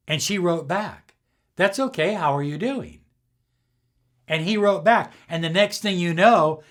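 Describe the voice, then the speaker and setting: A male life coach gives a motivational talk to his viewers with a fairly high voice that swoops up and down a lot. He speaks emphatically and acts out the voices of the people he quotes. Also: fairly bright tone.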